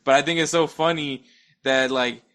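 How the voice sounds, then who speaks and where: A man's voice: on the high side, steady tone, normal speed, fairly bright tone. A young man in casual sports chat as a podcast guest, stammering, restarting his sentences and chuckling between points.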